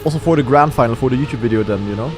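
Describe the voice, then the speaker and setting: A man from Germany with a light German accent, hosting a live watch party and chatting casually through the races, swearing now and then and bursting into excited shouts. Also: medium pitch, very fast, background noise. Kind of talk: casual live esports commentary.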